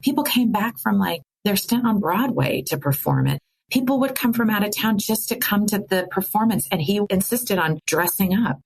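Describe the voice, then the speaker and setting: A middle-aged woman from the American Midwest, candidly telling a personal story of grief, animated and laughing through sadness. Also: mid-range voice, moderate pace, gravelly, few pauses, breathy edge. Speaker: podcast guest.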